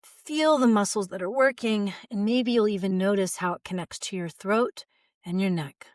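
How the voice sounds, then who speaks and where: In this instructional video, a voice teacher in her forties speaks at a normal speed with medium pitch, her manner calm and gently guiding. The audio is close and dry, with no echo from the room.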